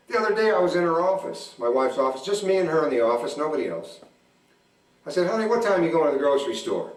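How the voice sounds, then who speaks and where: A man in his forties doing stand-up comedy at a church event, telling deadpan stories about his marriage and acting out both sides of the arguments. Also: on the high side, fairly quick. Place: church hall. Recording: echoey hall, mic from a distance.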